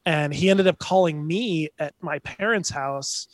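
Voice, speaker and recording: A man's voice: fairly high pitch, unhurried, hardly any pauses, no echo. A man, a band member being interviewed, telling stories casually and animatedly. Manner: chatty, animated anecdotes with put-on voices. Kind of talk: casual storytelling.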